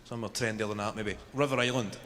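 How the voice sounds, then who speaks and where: A young Scottish man doing a stand-up routine, telling dry stories and chuckling at his own lines, with a live audience laughing loudly. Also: on the low side, fairly even intonation, quick pace, a little hiss or hum. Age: young adult. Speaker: stand-up comedian. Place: comedy stage before a live audience. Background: roaring crowd laughter.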